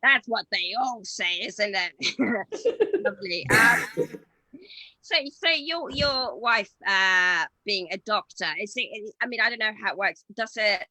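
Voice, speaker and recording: A woman's voice: mid-range voice, lively intonation, measured pace, sharp tone, dry recording, poor audio. A woman hosting a comedy show, chatty and hesitant with many ums. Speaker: show host. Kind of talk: casual hosting chat.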